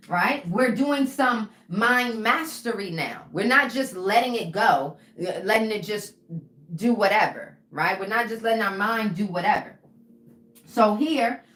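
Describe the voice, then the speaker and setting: A woman's voice: fairly high pitch, fairly bright tone. Woman coach doing a live class, casual, lots of okays, echoey room. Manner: casual, drawling, repeats okay and right to the viewers. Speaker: mindset coach. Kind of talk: live-stream teaching. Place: room with a whiteboard.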